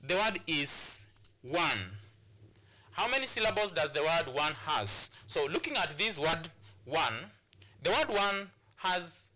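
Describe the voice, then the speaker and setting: A man's voice: a little high, bright, forceful tone. A man with a Kenyan English accent teaching an English pronunciation lesson, repeating and restarting phrases as he explains to students.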